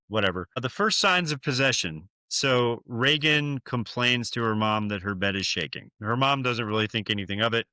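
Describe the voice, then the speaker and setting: Us guy on a podcast mic, kinda low voice but bright, dry sound, rambling film recap w swearing. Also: normal speed, few pauses, no room sound. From United States. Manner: loose, profane storytelling with many fillers. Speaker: podcast co-host. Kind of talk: casual movie recap chat.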